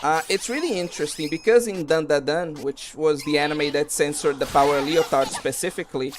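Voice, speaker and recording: A man's voice: a little high, brisk. Casual male streamer, rambling delivery, slight background hiss. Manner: rambling, many fillers. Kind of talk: casual commentary while gaming.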